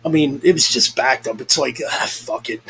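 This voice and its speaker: Poor audio with a little hiss or hum captures a young man's mid-range, fairly bright voice with vocal fry, moving at a moderate pace. He's vlogging in a casual, rambling way, profane and constantly self-correcting.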